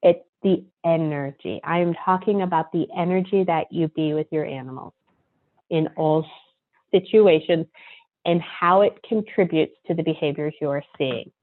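A middle-aged woman talks her listeners through dog behavior in a chatty, teaching way. Her voice sits a little low, and the sound is thin and phone-like. Now and then she murmurs a set phrase quickly and softly. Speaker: animal behavior consultant. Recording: tinny phone-like line.

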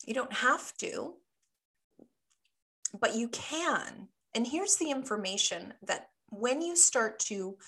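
Woman, middle-aged, radio host and coach; bright voice, casual storytelling patter. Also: mid-range voice. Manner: chatty, animated storytelling with acted quotes.

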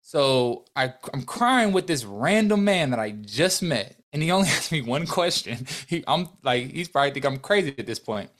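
A man's voice: medium pitch, big pitch swings, normal speed, few pauses, a bit bright. A young adult man, a podcast guest and business owner, telling a heartfelt story in an earnest, emotional way, full of restarts and quoted dialogue.

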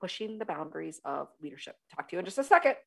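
A woman hosting a leadership talk show, coaching listeners in an emphatic, energetic way and repeating her key phrases. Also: fairly low pitch, racing, gravelly. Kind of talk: solo talk show monologue.

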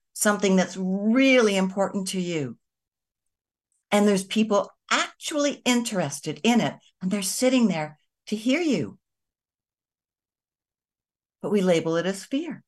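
A woman hosting a show, talking to her viewers in a gentle, conversational way. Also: medium pitch, animated, slow pace. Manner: gentle, conversational, with soft emphatic asides. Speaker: host of a kindness and energy show. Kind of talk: reflective spoken talk to viewers.

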